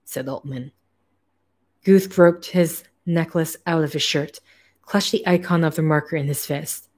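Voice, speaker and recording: A woman reading a novel aloud in a casual, steady way, now and then breaking off for offhand asides. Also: low voice, moderate pace. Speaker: narrator.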